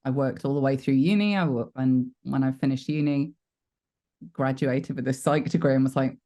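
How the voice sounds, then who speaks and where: A British woman in her forties speaks openly in an interview. She is a chatty, frank storyteller who is quick to poke fun at herself. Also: a bass voice, warm tone. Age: 40s. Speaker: voice actor guest. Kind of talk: candid interview talk.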